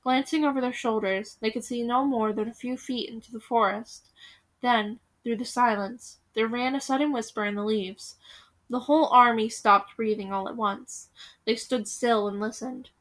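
Bright-voiced woman reading a story aloud. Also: fairly high pitch, fairly even intonation, normal speed. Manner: dramatic, suspenseful pacing.

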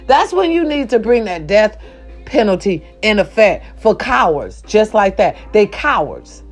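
A woman's voice: medium pitch, sing-song, unhurried, soft background music. A woman delivering an impassioned vlog rant. She is blunt and profane, and she repeats her phrases for emphasis. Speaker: vlogger.

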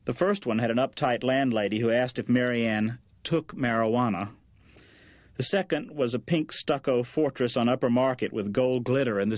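A man narrating a story in a measured, even reading voice. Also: medium pitch, no room sound, clean studio sound. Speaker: audiobook narrator. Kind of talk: scripted narration.

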